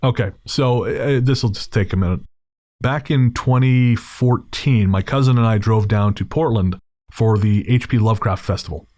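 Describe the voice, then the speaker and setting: A man hosting a podcast, telling a long story in a relaxed, digressive way and correcting himself as he goes. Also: lowish voice, normal speed, dry recording, clean studio sound. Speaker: podcast host. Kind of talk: casual storytelling.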